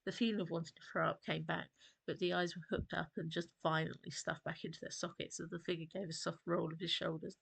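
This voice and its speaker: Woman, storyteller, storybook narration, low voice, gravelly, husky. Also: flat delivery, fast talker, fairly bright tone, no echo.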